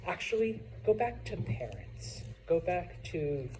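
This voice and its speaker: A man's voice: high voice, sing-song, takes it slowly, noisy background. A man teaching a Spanish vocabulary lesson to a class, chatty, with joking asides and frequent "okay?" check-ins.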